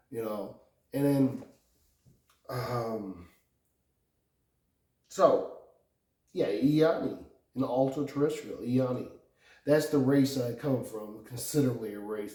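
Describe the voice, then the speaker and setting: A man rambling through a profane personal monologue, meandering and laughing often, with sudden loud outbursts. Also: medium pitch. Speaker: vlogger. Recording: echoey room, distant from mic.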